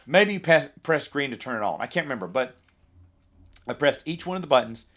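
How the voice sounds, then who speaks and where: A man in his forties hosting a podcast, telling rambling nostalgic stories in a casual monologue with lively asides. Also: medium pitch, normal speed. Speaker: podcast host.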